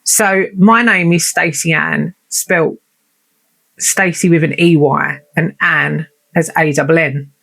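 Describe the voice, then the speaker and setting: A woman's voice: sits low, fairly even intonation, takes it slowly, creaky, a bit bright. A woman hosting her own show, telling a personal story in a heartfelt, emotional and chatty way. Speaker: podcast host.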